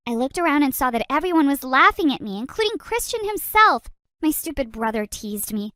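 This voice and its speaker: High, lively woman narrating a dramatic storytime. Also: brisk, dry recording, clean studio sound. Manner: dramatic, expressive.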